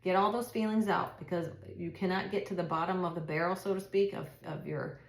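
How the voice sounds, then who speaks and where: A woman in middle age talks through a tarot reading in a loose, comforting monologue, often restarting her sentences. Her voice sits low and has a gravelly edge. The sound echoes around the room she records in. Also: steady tone, brisk. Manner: chatty, reassuring, thinks aloud with restarts. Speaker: tarot reader.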